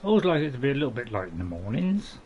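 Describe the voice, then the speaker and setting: A man's voice: medium pitch, sing-song, racing, lo-fi sound, a little hiss or hum. A middle-aged man chatting casually with his live-stream viewers while he plays, rambling and joking with plenty of restarts. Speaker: gaming streamer.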